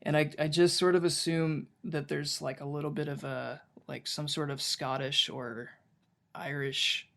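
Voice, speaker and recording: Man, podcast co-host, casual book chat, rambling, gravelly, slightly high voice. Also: little pitch movement, measured pace, a bit bright. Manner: rambling, reads passages aloud, frequent restarts.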